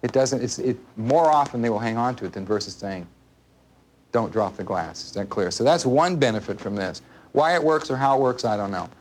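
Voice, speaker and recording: Speaking expressively and a little fast at medium pitch, with a little hiss or hum in the recording, a workshop instructor leads a live seminar in a room. He's an adult and parent of a small child who talks casually, repeats key points, and quizzes his audience.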